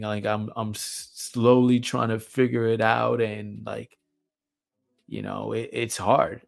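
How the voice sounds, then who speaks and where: A young man hosting his own show, talking through personal reflections in a halting way with lots of fillers and repeated words. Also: fairly low pitch, little pitch movement, vocal fry, faint music behind. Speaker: podcast host. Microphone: camera mic.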